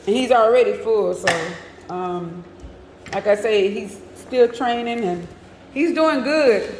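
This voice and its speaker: A high-voiced woman talks slowly and chattily, cooing at her dog and fussing over him. She is outdoors and filmed on a phone. The sound is echoey, with a long reverb tail and a faint hiss. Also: animated, a little mellow. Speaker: vlogger talking to her dog on a livestream. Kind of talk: casual live chat. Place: outdoors in a yard.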